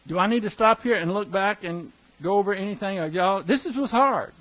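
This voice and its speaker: A man's voice: high voice, a little fast, lo-fi sound. A man teaching a Bible class verse by verse, explaining Greek grammar step by step and asking the class questions.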